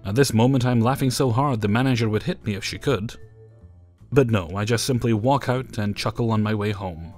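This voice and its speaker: A man's voice: lowish voice, fairly quick, darkish tone. Man narrating a story over faint music.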